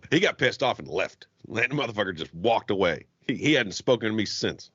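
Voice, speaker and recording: A man, an auto technician guest on a podcast, telling a story in casual chat with heavy swearing and animated ranting. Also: lowish voice, a little hiss or hum. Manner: heavily profane, animated ranting. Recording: dull, dry lo-fi podcast audio.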